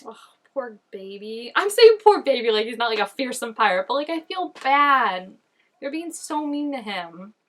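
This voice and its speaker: Chatty young woman reacting excitedly. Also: sits high, moderate pace. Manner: chatty, animated, lots of "like" fillers. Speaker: reaction channel host. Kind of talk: casual reaction commentary.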